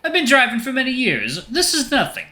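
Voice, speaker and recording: A man voicing a calm, middle-aged male fox taxi driver with a stereotypical Italian accent. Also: very high-pitched, a little fast, voice pushed up, exaggerated voice. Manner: stereotypical put-on Italian lilt.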